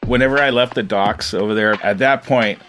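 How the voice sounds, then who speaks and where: A middle-aged man, a fisherman, telling his own story in a rambling, animated way, often laughing as he talks. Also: fairly low pitch, a little fast, over music. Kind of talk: casual storytelling interview.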